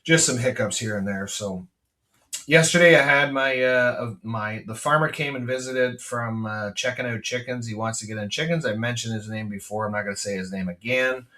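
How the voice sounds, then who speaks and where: Speaking at a moderate pace with a sharp, medium-pitched voice, a Canadian man who farms rambles bluntly on his own podcast. He restarts often and uses many fillers, recorded on the farm from a distance from the mic.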